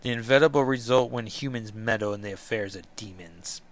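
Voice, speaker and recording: A man's voice: lowish voice, fairly quick, close to an everyday voice. A man voicing a scheming male demon lord who gloats grandly over his plans. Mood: gloating. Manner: grandiose, gloating villain speech.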